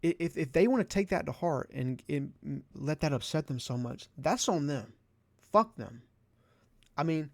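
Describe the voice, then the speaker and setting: A man's voice: on the high side, expressive, normal speed, creaky, dry recording. A young man ranting in a vlog, profane and exasperated, with a sarcastic edge. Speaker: vlogger. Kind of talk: ranting commentary.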